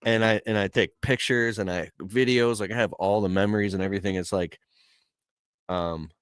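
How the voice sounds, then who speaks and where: A man's voice: deep voice, steady tone, moderate pace, smooth, no echo. A man telling a personal story in a casual, heartfelt way, earnest and emotional, with casual slang.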